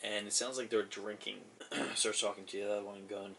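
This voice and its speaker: A man's voice: lowish voice, fairly even intonation, moderate pace, gravelly, few pauses, bright, forceful tone, a little hiss or hum. A man narrating a tabletop game as game master, rambling with many fillers and laughing often. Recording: far from the mic, music behind.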